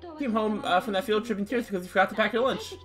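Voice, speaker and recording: A man's voice: lively intonation, over music. A man voicing a fussing, nagging mother who chatters at her teenage son. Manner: nagging, rapid, higher voice.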